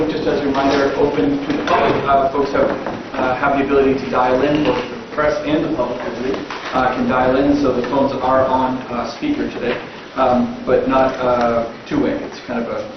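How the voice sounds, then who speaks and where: A man chairing a council meeting as governor, giving relaxed, chatty opening remarks with many filler sounds. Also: mid-range voice. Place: large council chamber. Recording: echoey chamber from far off, dull and noisy.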